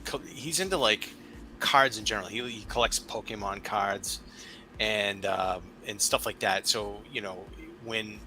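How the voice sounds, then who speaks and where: Very bright-voiced chatty male podcast host. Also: fairly low pitch, a little slow, soft background music, rough recording. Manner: rambling storyteller, animated and chatty. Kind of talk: casual conversation.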